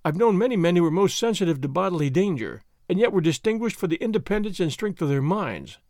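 Man, audiobook narrator, first-person story, expressive, high voice, dry sound. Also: quick pace, no room sound.

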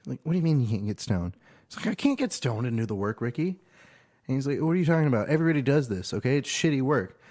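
Young guy, casual podcast co-host, profane, leans into loud quoted impressions. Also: medium pitch, very animated, fast talker. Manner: acts out quotes with loud shouted impressions, swears freely.

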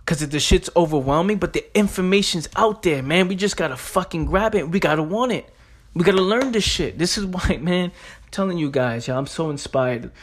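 New guy going off on his podcast, slangy and intense, kinda high voice. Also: moderate pace. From New York. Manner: emphatic, street slang, repeats phrases. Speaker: podcast host. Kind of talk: motivational podcast monologue.

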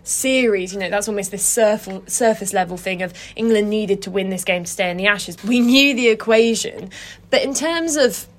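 A woman's voice: mid-range voice, normal speed. A woman co-hosting a cricket podcast, talking through match tactics and statistics in an analytical, casual way. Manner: analytical, cites figures and stats. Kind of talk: casual sports discussion.

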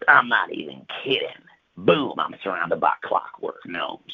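A man telling a rambling, profane comic tall tale on the radio, swinging from loud outbursts to hushed whispers. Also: sits low, sing-song, measured pace, gravelly, breathy edge, highs cut off.

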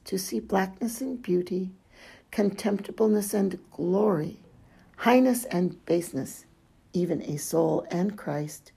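A woman reading devotional letters aloud in a fervent, drawn-out way, with hushed passages. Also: mid-range voice, vocal fry, slightly rough. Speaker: reader.

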